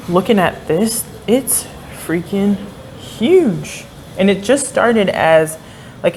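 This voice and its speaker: She's a young woman narrating a chatty travel vlog while touring a historic house, outdoors and inside the tourist building, with frequent "like" fillers and unsure asides. The voice is low-pitched, with slight background noise.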